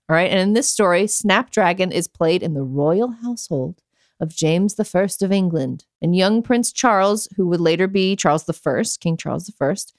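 A woman's voice: mid-range voice, no echo, studio quality. A woman co-hosting a casual podcast, laughing often, swearing freely and reading old texts aloud with mock drama. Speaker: podcast co-host.

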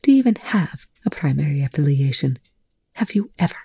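A sardonic, cool-headed scientist man, as a narrator voices him in an audiobook, speaking smoothly and dryly in hushed hisses. The tone is dark and mellow. The voice sits close and dry. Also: mid-range voice, sing-song, fairly quick, no room sound, full character voice. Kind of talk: audiobook reading of fan fiction.

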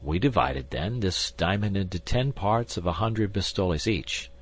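A man's voice: deep voice, normal speed, breathy edge. A man doing Athos, a wry, indifferent musketeer. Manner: calm, drawling and wry. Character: coolly indifferent older male musketeer, wry gambler. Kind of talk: audiobook character reading.

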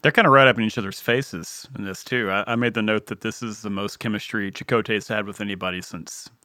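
A man's voice: on the low side, steady tone, brisk, pushed and bright, no room sound, clean studio sound. A man co-hosting a podcast, talking through the logic behind a TV episode in casual discussion. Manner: thoughtful, explains the story's logic at length. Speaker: podcast co-host.

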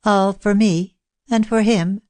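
A woman's voice: mid-range voice, steady tone, takes it slowly, darkish tone, no echo, pitched above the performer's own voice, close to an everyday voice. A woman reading the part of an elderly lady who is childlike, playful and airy, in a lilting voice. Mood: tearful, moved.

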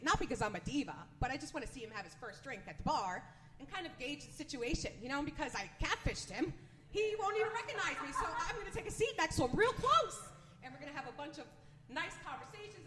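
A woman's voice: high-pitched, fairly bright tone, slight background noise. Chatty, nervous woman doing stand-up. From Northeast US. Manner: chatty, nervous, self-deprecating. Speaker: stand-up comedian. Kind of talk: stand-up comedy set. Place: comedy venue with a live audience. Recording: echoey live room.

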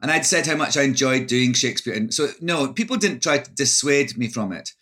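A man's voice: medium pitch, expressive, fairly quick, pushed and bright. A middle-aged Scottish man, an actor, reflecting in a casual interview with many restarts.

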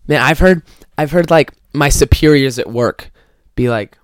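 A man's voice: medium pitch, lively intonation, normal speed, clean tone, no echo. Young male podcast host, profane comic ranter, dry close-mic sound, mid-range voice. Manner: profane, mocking, acts out quoted people. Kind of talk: casual comedic rant.

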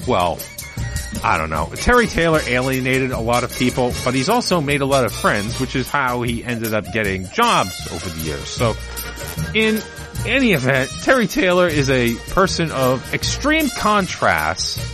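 A man's voice: medium pitch, wildly swooping pitch, normal speed, over music. A man hosting his own podcast, talking casually in a rambling, digressive way. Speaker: podcast host. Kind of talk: casual solo podcast talk.

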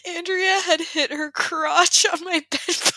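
A woman's voice: very high-pitched, fairly even intonation, measured pace, bright, forceful tone, no room sound. A young woman in her twenties chatting casually as a co-host, laughing often as she talks. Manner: giggly, laughs often while talking. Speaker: podcast co-host. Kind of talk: casual chat.

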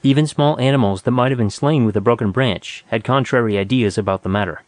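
A man reading a story aloud in a steady, measured narration. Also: medium pitch, no echo. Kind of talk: audiobook narration.

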